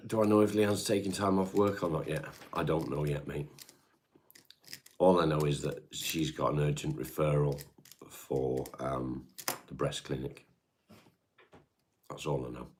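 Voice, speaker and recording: A man's voice: extremely low pitch, steady tone, measured pace, long pauses, a little mellow, slight background noise. A middle-aged man with a Devon English accent, chatting casually and bluntly on a home livestream, swearing freely and answering viewers. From England. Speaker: livestream host reading chat. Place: his home.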